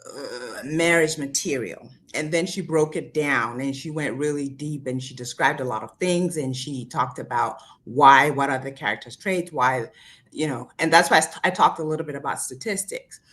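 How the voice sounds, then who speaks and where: A woman speaking as a panelist in a talk show, measured and hesitant with many ums. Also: a bass voice, fairly bright tone. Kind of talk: casual panel discussion.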